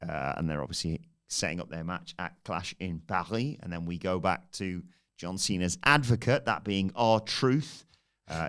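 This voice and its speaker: A man's voice: low voice, fairly bright tone, clear, resonant tone. A man hosting a wrestling podcast, giving a casual, rambling and jokey recap with self-deprecating asides.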